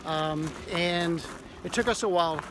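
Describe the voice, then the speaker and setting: A man from Ohio co-hosting a casual chat, halting with lots of fillers and laughs. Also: fairly high pitch, background noise. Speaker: co-host.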